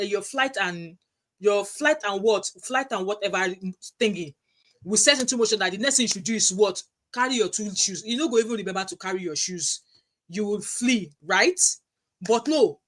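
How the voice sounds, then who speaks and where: A woman's voice: mid-range voice, fairly bright tone. Nigerian-accented woman in her thirties, vlog commentary, emphatic, asks rhetorical questions, mixes in Pidgin. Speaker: vlogger, mother.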